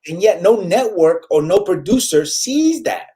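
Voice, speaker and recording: Animated comedian mixing Spanish and English. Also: male voice, high voice, measured pace. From Puerto Rico. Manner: animated, switches between Spanish and English, acts out quoted people. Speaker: comedian guest. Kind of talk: casual interview chat.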